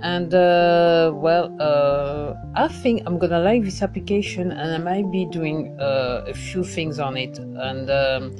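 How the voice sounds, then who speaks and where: A woman's voice: sits low, steady tone, slow pace, few pauses, over music. A woman with a French accent, a singer-songwriter, casually introducing herself on a podcast, hesitant with many fillers and restarts. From France.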